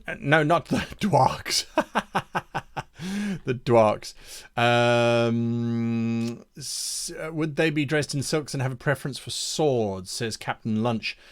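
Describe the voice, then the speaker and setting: Reading out suggestions from viewers, a game master works through a live-streamed campaign design, thinking out loud in a mid-range voice. He falters now and then and repeats names to see how they sound.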